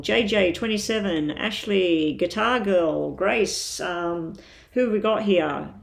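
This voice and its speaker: Irish woman in her fifties, tarot reader on a live stream, creaky voice, chatty and full of ums. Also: fairly low pitch. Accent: Irish with a slight British tinge. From Ireland. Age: 50s. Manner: rambling, chatty, many ums.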